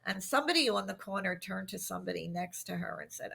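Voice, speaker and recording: A woman's voice: mid-range voice, fast talker, gravelly, husky. A middle-aged woman, a guest on a podcast interview, telling workplace anecdotes and acting out the quotes in them. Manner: animated anecdotes with acted-out quotes. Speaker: guest expert on workplace communication.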